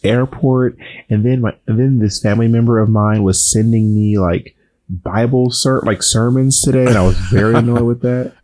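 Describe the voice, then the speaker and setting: A man co-hosting a casual chat, speaking softly and holding back his voice after surgery, teasing and mock-indignant. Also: medium pitch, fairly even intonation, moderate pace. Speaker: podcast co-host.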